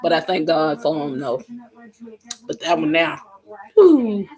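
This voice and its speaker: A woman's voice: low-pitched, low-quality recording. A middle-aged woman telling a story in casual chat on her live stream, exclaiming as she goes. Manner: animated, exclaiming, drawn-out Southern phrasing.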